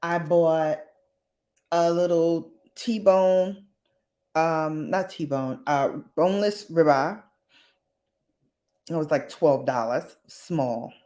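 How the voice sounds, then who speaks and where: A woman hosting a casual chat vlog, animated and slangy, with a dramatic, expressive delivery. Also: low voice, extremely slow, pauses often. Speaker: host.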